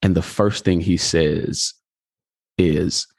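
Low husky guy, pastor telling a story, acts out all the voices, dry sound. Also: takes it slowly, no room sound. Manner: animated storyteller, acts out dialogue. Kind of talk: conversational interview storytelling.

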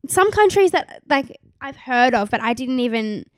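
A woman's voice: high voice, sing-song, normal speed, no room sound, studio quality. A young Australian woman co-hosting a podcast in an easygoing, casual chat, laughing often. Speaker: podcast co-host.

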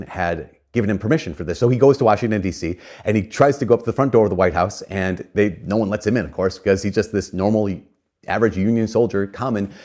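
A man preaching a sermon in an earnest, animated way, telling a story and slipping in casual asides, often repeating and restarting his phrases. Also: on the low side.

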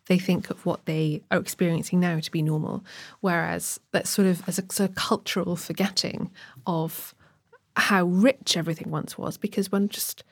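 A woman's voice: lowish voice, steady tone, moderate pace, creaky, slightly rough, no echo. A young woman from Wales, co-hosting a podcast, talking thoughtfully with lots of hedging. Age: young adult. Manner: thoughtful, hedging with "sort of" and "kind of". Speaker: podcast co-host. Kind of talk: casual conversation.

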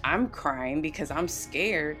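A woman's voice: low voice, animated, slow pace, fairly bright tone, soft background music. A woman on a podcast telling a personal story in an earnest, emotional way, with lots of "you know" and "like". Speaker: podcast guest.

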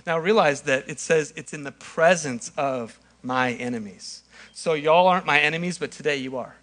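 A young adult male pastor preaching a sermon, acting out scenes with animated storytelling. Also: fairly high pitch, normal speed.

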